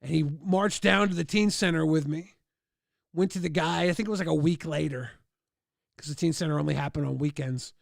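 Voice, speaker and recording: A man's voice: on the high side, brisk, gravelly, no room sound, studio quality. A man hosting a livestream, rambling through crude anecdotes with loose fillers and acting out other people's lines in raised voices. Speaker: livestream host. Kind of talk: casual storytelling.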